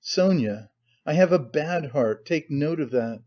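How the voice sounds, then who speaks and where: A man's voice: fairly high pitch, expressive, measured pace, warm tone. A man playing a bitter, tormented young man who speaks wearily and breaks into despair, in a slightly muffled recording. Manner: weary, brooding, bursts of despair.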